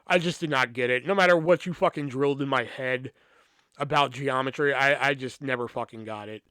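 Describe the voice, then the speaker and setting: A man's voice: mid-range voice, fairly quick, sharp tone, clean tone, dry recording, studio quality. A man hosting a podcast, telling a long, rambling story from his school days with lots of swearing and filler words. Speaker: podcast host. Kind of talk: casual storytelling.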